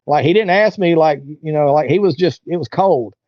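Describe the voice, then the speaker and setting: A man's voice: a little high, brisk, no echo. Man rambling through a story, lo-fi. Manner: rambling, acts out other people's lines in raised voices. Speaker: interview guest. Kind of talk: casual storytelling in an interview. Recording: dull, lo-fi, dry sound.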